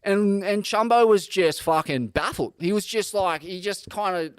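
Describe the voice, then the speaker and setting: A young Australian man with a somewhat high voice trades blunt, wry podcast banter and swears freely. He sounds close to the mic in a dry space. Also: moderate pace, smooth, no room sound. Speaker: podcast co-host. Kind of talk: casual chat.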